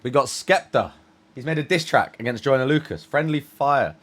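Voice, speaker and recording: A man's voice: mid-range voice, animated, normal speed, fairly bright tone. A man from the UK hosting a reaction video, chatting casually and hesitantly with many restarts. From United Kingdom. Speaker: reaction channel host.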